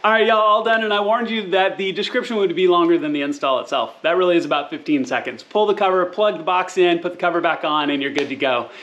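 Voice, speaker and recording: A man's voice: high voice, fast talker, hardly any pauses, a bit bright, dull audio, slight background noise. A man talks viewers through an easy car install. He sounds upbeat and friendly, saying "y'all" as he goes. He is recording from the back seat of a car. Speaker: car DIY video host. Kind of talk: casual how-to walkthrough. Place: inside a car's back seat.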